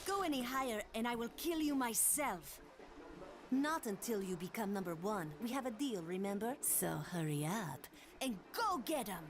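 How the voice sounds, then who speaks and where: A woman's voice: a little high, expressive, normal speed, lightly acted. An actress playing a coy, commanding female agent who sets up fights in a video game. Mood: bossy.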